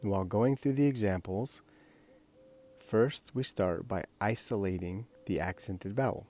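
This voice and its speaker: A man with a very deep, low-pitched voice teaches a language lesson. He walks through each step of the exercise patiently and plainly, like a teacher at a whiteboard. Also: unhurried, mellow. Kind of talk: instructional explanation.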